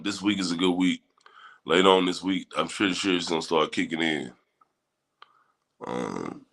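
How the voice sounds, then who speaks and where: Male livestream host, lowish bright tone, easygoing talk to chat. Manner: laid-back, talks straight to chat viewers.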